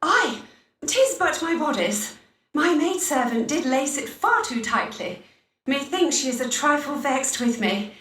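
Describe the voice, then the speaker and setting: Fussy gentlewoman, high voice, gossipy old-fashioned speech, echoey distant audio. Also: very animated, unhurried, exaggerated voice. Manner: gossipy, theatrical olde-English speech. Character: fussy Elizabethan gentlewoman, indignant and excitable. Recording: distant roomy game audio.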